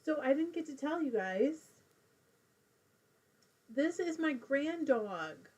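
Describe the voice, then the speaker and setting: A woman's voice: sits high, lively intonation, slow. A middle-aged woman hosting a casual live crafting stream from home, chatting while she knits and reading viewer comments aloud.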